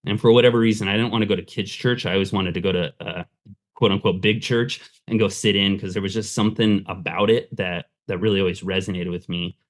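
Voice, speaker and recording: Pastor guest, male, low voice, candid conversational storytelling. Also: fairly even intonation, fast. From Southern California. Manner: candid, conversational, many fillers. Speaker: pastor and fundraising consultant, guest. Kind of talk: casual interview storytelling.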